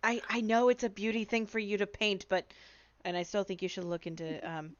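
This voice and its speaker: A woman playing a tabletop game in casual chat, brisk and decisive as she directs the group. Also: medium pitch, fairly even intonation, dull audio, a little hiss or hum. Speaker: player.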